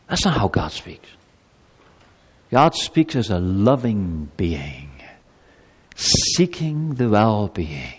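A man preaching a sermon as pastor, animated, sometimes speaking God's words in a pleading tone. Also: lowish voice, slow, long pauses, husky. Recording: long hall reverb.

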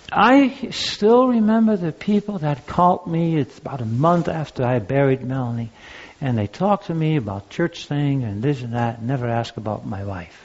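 An older man preaching as a pastor, telling personal stories in a conversational, anecdotal way with frequent restarts. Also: on the high side. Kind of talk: sermon on grief and listening. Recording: dull lo-fi recording.

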